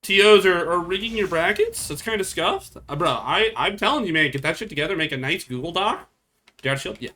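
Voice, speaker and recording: A man's voice: sits high, sing-song, fairly quick, bright, forceful tone. Blunt, swearing young male streamer. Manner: blunt, profane, rambling with restarts. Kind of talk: casual stream chat with viewers.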